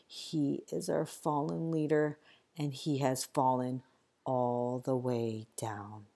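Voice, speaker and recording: A woman reading a first-person storybook in a measured voice that sinks quietly at grim moments. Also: very deep voice, fairly even intonation, vocal fry. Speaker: audiobook reader.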